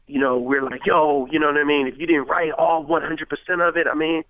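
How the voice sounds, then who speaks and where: A man's voice: on the high side, fairly quick, no room sound. A man in his thirties, a rapper, talking casually in an interview with lots of fillers, acting out quoted conversations. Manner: animated, acts out quoted dialogue, many fillers. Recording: tinny phone-like radio sound.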